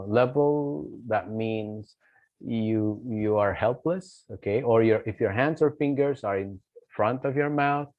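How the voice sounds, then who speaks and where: A man's voice: fairly low pitch, dry recording, phone-quality sound. A man giving a recorded lecture, explaining step by step and checking in often with "okay?". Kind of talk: recorded lecture on office communication.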